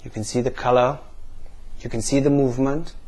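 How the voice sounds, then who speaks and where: This man, an NLP practitioner, walks listeners through visualizing their pain. His questions come slow and calm, separated by pauses, in a voice of middle pitch.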